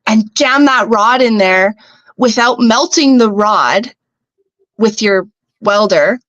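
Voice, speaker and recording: A woman's voice: on the high side, takes it slowly, no echo, muffled recording. A young adult woman from Canada, a podcast guest talking casually about her welding work. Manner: relaxed, thinks aloud with fillers. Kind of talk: casual chat.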